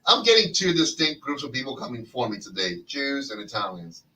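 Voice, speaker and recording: A man co-hosting a podcast in a loose joking chat, telling animated stories and slipping into silly voices. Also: mid-range voice, a little fast, far from the mic, low-quality recording. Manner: animated storyteller who slips into silly voices. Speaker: podcast co-host.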